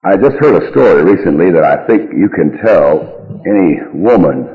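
A man's voice: sits low, expressive, moderate pace. A man giving a folksy, self-deprecating speech full of jokes at a recovery meeting in a large hall. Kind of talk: joke-filled speech. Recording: dull old recording in a reverberant hall.

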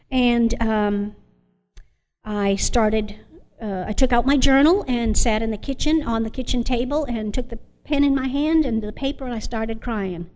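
Woman, slightly high voice, earnest personal testimony, halting with many fillers, long room reverb. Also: darkish tone. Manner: earnest and reflective. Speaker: Al-Anon member sharing her story.

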